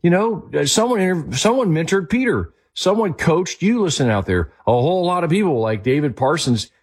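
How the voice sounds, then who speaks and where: A man's voice: fairly high pitch, animated, normal speed, breathy edge. A man hosting a faith talk show, speaking with enthusiasm and strong emphasis as he questions his guest. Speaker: host.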